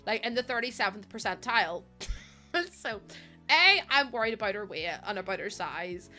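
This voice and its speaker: A woman's voice: medium pitch, animated, normal speed, bright, forceful tone, faint music behind. A young woman streaming a game from home, talking in a chatty, rambling way and laughing often. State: pregnant. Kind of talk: casual live-stream chat.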